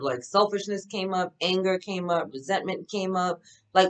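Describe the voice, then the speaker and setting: A woman's voice: deep voice, poor audio. A woman reading oracle cards, giving a casual spiritual pep talk in an enthusiastic, affirming, chatty way. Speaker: spiritual card reader.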